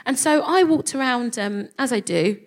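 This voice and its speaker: A woman's voice: on the high side, moderate pace. A woman from London with a London accent, performing a stand-up comedy set and telling a story with lots of acted-out voices. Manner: animated storytelling, acts out quoted voices. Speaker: comedian co-host. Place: live theatre with audience.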